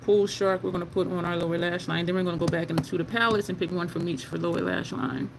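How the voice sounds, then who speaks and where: A woman's voice: fairly low pitch, fairly even intonation, fast talker, vocal fry, noisy background. A woman beauty vlogger in casual chat while doing her makeup, answering viewer comments and laughing often.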